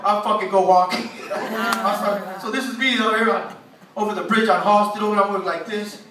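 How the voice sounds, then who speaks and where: A man's voice: sits high, steady tone, normal speed, a crowd in the background. A man telling a profane stand-up story, laughing at his own jokes. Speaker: stand-up comedian. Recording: echoey room from far off.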